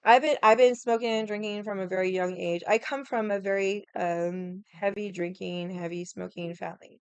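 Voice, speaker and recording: A woman's voice: mid-range voice, steady tone, moderate pace, smooth, dry recording. A woman telling a story in casual chat, blunt and profane, rambling with lots of "like". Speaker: vlogger.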